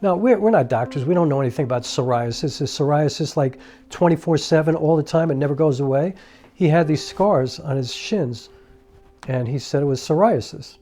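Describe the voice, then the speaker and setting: A man's voice: fairly high pitch, a little fast. Earnest man telling a personal story. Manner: earnest and conversational, with many restarts and asides. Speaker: filmmaker and storyteller. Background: soft piano music.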